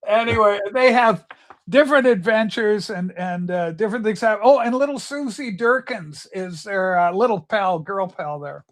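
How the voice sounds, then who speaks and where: A man with a notably high-pitched voice chats on a livestream. He tells stories with eager, rambling enthusiasm, talking straight to his viewers. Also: normal speed. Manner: chatty, enthusiastic storyteller. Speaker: livestream host. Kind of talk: casual chat.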